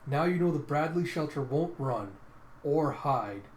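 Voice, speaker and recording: A man's voice: a little high, expressive, measured pace, a little hiss or hum. A man voicing a cocky young male hunter with a taunting manner, read aloud from a comic. The voice sits in a slightly echoey room. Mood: taunting, calm.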